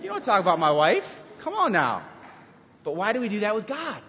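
A young man, a youth pastor, giving an animated sermon and acting out quotes from teens and God. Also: sits high, a little fast. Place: church hall. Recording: dull lo-fi recording with hall reverb.

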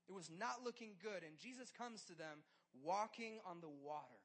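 A man with a notably high voice preaches a casual sermon, peppered with "like" and restarts. He sways from soft, hushed questions to loud, urgent pleas. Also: animated, normal speed. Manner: swings between loud urgency and hushed intimacy; conversational, filler "like".

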